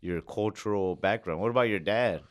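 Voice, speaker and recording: A man's voice: on the low side, moderate pace. A man co-hosting a podcast, teasing his guest with incredulous questions. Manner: teasing, incredulous, uses "bro". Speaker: podcast co-host. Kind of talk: casual podcast banter.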